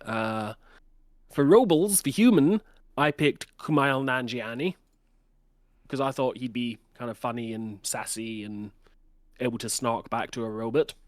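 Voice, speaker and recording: An unhurried man with a medium-pitched voice joins a casual book club conversation, staying animated and sometimes acting out voices as examples. It's a dry, studio-quality recording.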